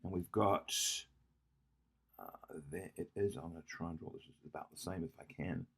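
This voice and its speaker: Working through an exam problem on a whiteboard, this male math tutor speaks at normal speed in a low voice with a breathy edge. He draws while thinking aloud, fixing his own slips and asking "yeah?" to check in.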